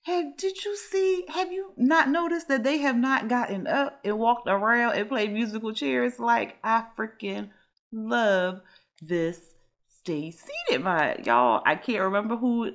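A woman hosts a life-sim let's play with chatty, dramatic commentary, speaking directly to her viewers. Her voice is mid-pitched and full of lively, swooping intonation. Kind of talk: casual gameplay commentary.

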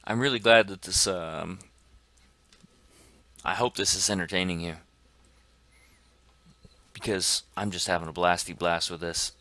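Man, let's play commentary, lower-pitched, bright tense voice, swings from whispers to cheers. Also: a little slow, pauses often, slight background noise. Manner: excitable, shifts between whispers and shouts. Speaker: gaming channel host.

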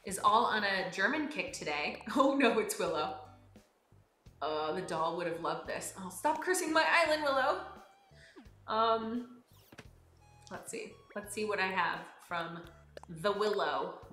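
A young woman streaming a game, bubbly and excitable, swinging between high squeals and low mutters. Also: measured pace, long pauses, reverberant, faint music behind. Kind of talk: live-streamed game play.

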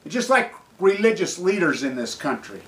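A man delivering an angry, profane monologue, fiercely indignant and at times shouting. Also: a little high, sing-song, moderate pace, low-quality recording.

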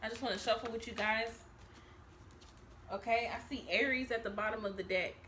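A woman's voice: fairly high pitch, a little fast, pushed and bright, a little hiss or hum. A woman giving a casual tarot reading to camera, chatty and profane, laughing often and tagging her lines with "okay?". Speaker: tarot reader. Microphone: camera mic.

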